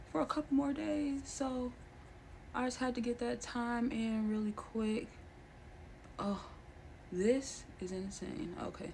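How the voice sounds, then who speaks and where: A woman's voice: medium pitch, a little mellow. Young woman vlogger, casual and slangy, mid-range voice, faint hum behind her. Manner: chatty, slangy and playful. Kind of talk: casual vlog chat.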